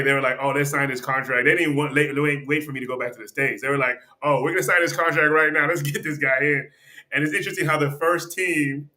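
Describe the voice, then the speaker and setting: Bright-voiced man telling a lively story. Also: mid-range voice. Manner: animated, acts out quoted dialogue in a raised voice. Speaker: podcast guest. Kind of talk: casual storytelling.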